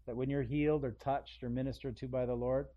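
A middle-aged man preaching an expository sermon, conversational, acting out quotes in sudden loud bursts. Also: mid-range voice, flat delivery, a little fast, muffled recording. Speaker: pastor.

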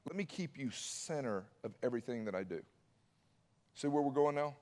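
A man preaching a conversational, energetic sermon with folksy asides. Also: medium pitch, long reverb tail. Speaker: pastor.

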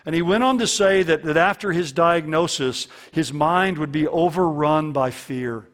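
A man's voice: fairly high pitch, normal speed, a bit bright. A man preaching a sermon as a pastor, earnest and fond of repeating key lines for emphasis.

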